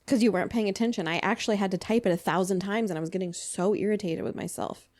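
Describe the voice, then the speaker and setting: A woman's voice: medium pitch, steady tone, fast, a little mellow. A young adult woman co-hosting a podcast in casual chat, blunt and teasing with a dry wit. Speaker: podcast co-host.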